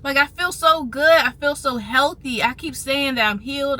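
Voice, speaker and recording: Woman, casual vlog talk, bright forceful tone, slightly high voice, animated, repeats phrases. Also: moderate pace. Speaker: vlogger on trading and finance.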